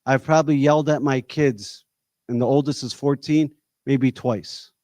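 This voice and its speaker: A man's voice: medium pitch, fairly even intonation, moderate pace, a little mellow, dry recording. A man leads a community discussion. He speaks directly to a live audience, pressing them with rhetorical questions. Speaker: discussion leader.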